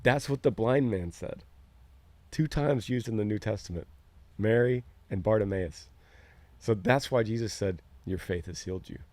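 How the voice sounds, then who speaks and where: A man's voice: on the low side, moderate pace, mellow, no room sound. A middle-aged man, talking earnestly in a casual podcast chat and acting out quoted lines as he tells a story. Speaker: podcast co-host.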